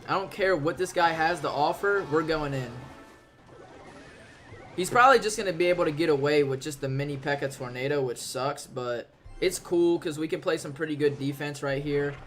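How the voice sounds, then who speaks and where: A young man giving excitable, slangy live commentary on his gameplay while streaming, with sudden loud outbursts. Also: on the high side.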